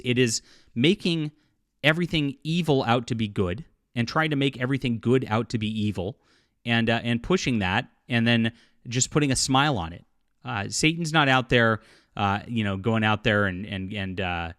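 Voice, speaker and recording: A man's voice: medium pitch, fairly bright tone, no echo, clean studio sound. Indignant, sarcastic male commentary host. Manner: indignant and sarcastic, with frequent fillers and repeated restarts. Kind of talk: opinion commentary vlog.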